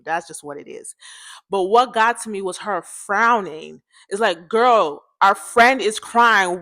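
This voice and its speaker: A woman hosting a podcast, telling a personal story in a chatty, candid way, talking straight to her listeners and acting out what people said. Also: fairly bright tone. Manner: chatty, addresses listeners directly, acts out quoted dialogue; candid, self-described pitchy, cracky voice.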